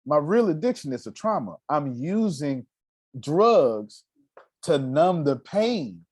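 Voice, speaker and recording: A man leads a group coaching call, talking bluntly and swearing freely as he drives his points home. His pitch leaps and dips all over, and his voice comes through close and dry, with no room sound. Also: big pitch swings, takes it slowly, a little mellow, husky, dry recording. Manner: blunt, profane, emphatic, acts out quoted voices. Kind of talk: motivational coaching talk.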